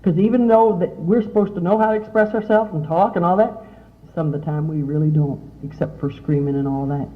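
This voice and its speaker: Middle-aged woman, youth speaker, chatty and animated; tinny lo-fi recording. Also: lowish voice, a little fast. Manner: chatty, animated, asks the audience many questions. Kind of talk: motivational talk to teen girls. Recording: tinny, phone-like lo-fi sound.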